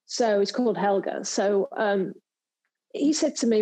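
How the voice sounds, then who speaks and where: A woman's voice: mid-range voice, a little slow, dark tone, rough recording. A woman from England, a former pro golfer and TV presenter, chatting in an interview and telling stories with lots of fillers and restarts. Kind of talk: casual interview chat.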